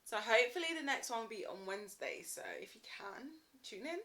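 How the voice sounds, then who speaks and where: Young woman vlogger with a bright voice, chatty and teasing, talking to camera. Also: fairly high pitch, lively intonation, fairly quick. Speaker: book vlogger. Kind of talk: casual vlog to camera.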